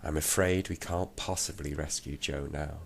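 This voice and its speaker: A man reading out a brisk, bossy magical little man in a children's storybook. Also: extremely low pitch, steady tone, a little hiss or hum. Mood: decisive.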